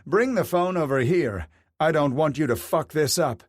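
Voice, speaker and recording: A man's voice: a little high, normal speed, dry recording, studio quality, pitched above the performer's own voice, lightly acted. A man voicing an arrogant businessman in handcuffs who barks orders at his wife. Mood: bossy. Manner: bossy, blustering. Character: arrogant cheating businessman under arrest.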